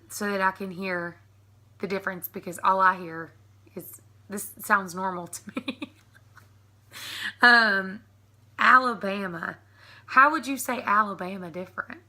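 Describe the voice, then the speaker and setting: Bright Southern woman from East Tennessee. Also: mid-range voice. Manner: chatty, laughs often, reads words off a list. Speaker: YouTube creator. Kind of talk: casual accent tag vlog.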